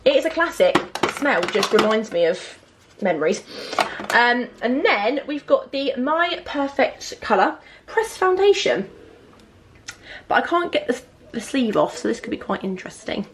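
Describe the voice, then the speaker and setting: A young woman, chatting excitedly through her makeup collection with lots of fillers and asides. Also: on the high side, a little slow, a little hiss or hum. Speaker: beauty vlogger. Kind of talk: casual makeup collection vlog.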